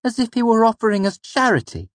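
A proud troupe boy with a raised, boyish pitch, as a deep-voiced male narrator puts him on. He speaks in sharp, indignant retorts, performed in a dry audiobook recording. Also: sing-song, moderate pace, no room sound. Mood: scathing. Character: young boy, proud and bitter troupe child.

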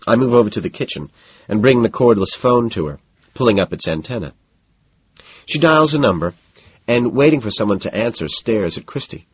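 Deep, husky man narrating detachedly. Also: expressive, fairly quick, no echo. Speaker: audiobook narrator. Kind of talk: first-person novel narration. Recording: slightly muffled audio.

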